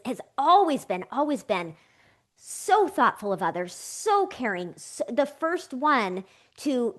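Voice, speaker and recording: A woman's voice: fairly high pitch, fairly bright tone. Earnest middle-aged woman coaching on a podcast. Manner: earnest, encouraging, repeats key phrases, frequent "right?". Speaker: podcast host and life coach. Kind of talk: solo podcast teaching. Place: home office.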